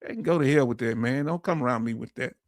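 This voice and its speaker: A man's voice: mid-range voice, fast talker, no echo, clean studio sound. A middle-aged man, hosting a casual livestream and ranting bluntly while answering chat. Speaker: veteran livestream host.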